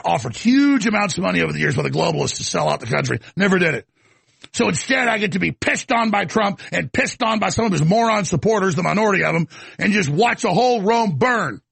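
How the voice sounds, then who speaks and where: A middle-aged man hosting a radio talk show, ranting and shouting with a gravelly, raspy voice. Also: sits high, no room sound. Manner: shouting, ranting, fast restarts. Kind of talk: heated on-air rant and call-in.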